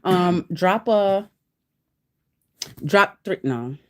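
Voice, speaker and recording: A woman in her thirties hosting a casual livestream chat, reading search results aloud to viewers, laughing often and sounding out hard words slowly. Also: on the low side, expressive, a bit bright. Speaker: livestream host.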